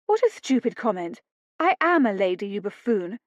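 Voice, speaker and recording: A woman reading an audiobook, voicing a prim, sharp-tongued young lady with frosty indignation. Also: medium pitch, big pitch swings, moderate pace, dry recording, close to an everyday voice. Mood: indignant. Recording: dull dry lo-fi studio read.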